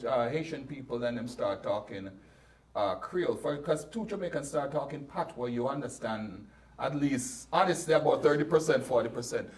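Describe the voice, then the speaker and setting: Male host, higher voice, swings up and down a lot, kinda far from the mic. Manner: probing, emphatic questioning. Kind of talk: hosting a panel discussion.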